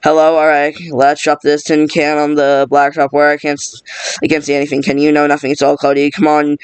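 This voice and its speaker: Male reader, speed-reading a screenplay, very clear voice, little pitch movement. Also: monotone, no room sound. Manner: rushed, stumbling reading with restarts. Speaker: script reader. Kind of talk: fast read-through of a film script.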